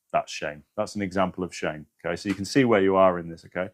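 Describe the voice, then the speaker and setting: Low-voiced man talking casually on a livestream. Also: quick pace, few pauses. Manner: earnest, swears freely, reads quotes with emphasis. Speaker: spiritual live-stream host. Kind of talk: casual livestream talk, reading aloud.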